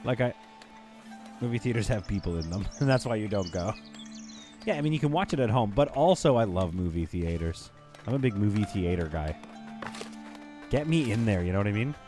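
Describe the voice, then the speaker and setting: A man's voice: lowish voice, animated, a little fast, pauses often, music in the background. A man streaming a strategy game, rambling and thinking aloud as he chats with his viewers. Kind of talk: casual gameplay commentary.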